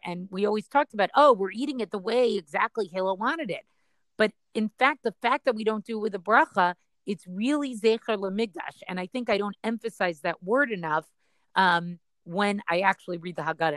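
A woman teaches a Talmud passage, reading the original text and then explaining it step by step. Her voice sits at a medium pitch and is recorded dry and close, with no room sound. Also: no echo. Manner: reads the text aloud, then explains it, often checking in with "right?".

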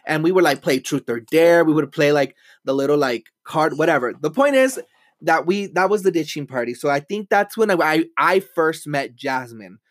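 A man's voice: on the high side, expressive, moderate pace, no echo, studio quality. A young man hosting a casual podcast, rambling with many fillers and dropping in Spanish phrases. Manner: rambling, lots of "like", mixes in Spanish. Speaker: podcast host. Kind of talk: casual chat.

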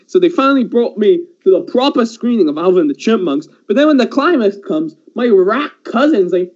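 Animated, high-voiced young Englishman. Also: brisk. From England. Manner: animated storyteller, swears a lot, laughs often. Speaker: podcast host. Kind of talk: casual chat. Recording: dull lo-fi sound.

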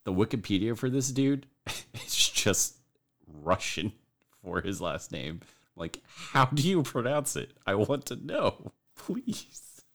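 Low-voiced joking podcast host. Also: male voice, very animated, measured pace, a bit bright. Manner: jokey, swears freely, laughs often. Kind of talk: casual podcast banter.

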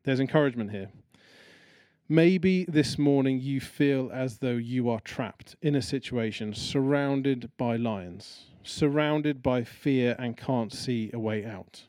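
A man delivering a sermon in a relaxed, chatty manner, slipping into voices to act out the story. His voice sits at an ordinary middle pitch with a mellow, warm tone. The sound is dry and close, with no room echo. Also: slow pace. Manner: conversational, animated storytelling with acted-out quotes. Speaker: preacher.

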